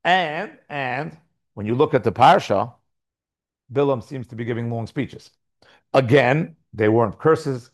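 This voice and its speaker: A man giving a Talmud class lecture, explaining lively, posing and answering his own questions and reading passages aloud. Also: medium pitch, measured pace. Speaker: Talmud teacher.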